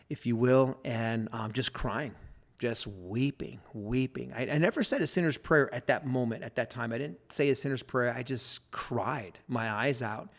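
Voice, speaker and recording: Middle-aged male pastor, podcast guest; earnest, filler-heavy testimony, mid pitch, sometimes goes soft and hushed. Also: creaky. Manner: earnest storytelling with many fillers. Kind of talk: personal testimony in a podcast interview.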